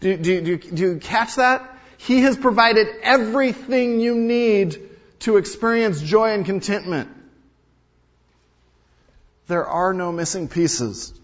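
A man's voice: high-pitched, slow pace. Emphatic male preacher in a reverberant hall. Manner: emphatic, repeats key lines, swings between loud and hushed. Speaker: pastor. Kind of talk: sermon. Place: large hall or sanctuary. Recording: dull sound with long hall reverb.

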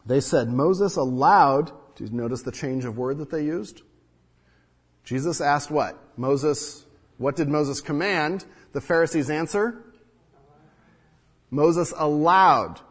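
A man delivers a sermon with a slightly higher-than-average, husky voice. He teaches earnestly and poses rhetorical questions to the congregation. His words ring out with a long reverb off the walls of a large church hall. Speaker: pastor.

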